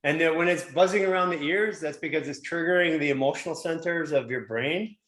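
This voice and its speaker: A man leading a live fitness class, calmly cueing breathing and movement. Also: on the high side, fairly quick, reverberant, rough recording. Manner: calm, rhythmic counting and cueing. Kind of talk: guided breathing and movement instructions.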